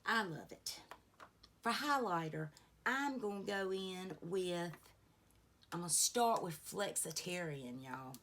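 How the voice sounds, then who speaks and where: A middle-aged woman with a thick drawl, talking in a deep, unhurried voice. She chats casually through her makeup routine, wandering off into long stories full of asides. Faint background hiss sits under her voice. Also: expressive, fairly bright tone. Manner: rambling, chatty storytelling with many asides. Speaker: beauty vlogger. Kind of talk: casual get-ready-with-me chat.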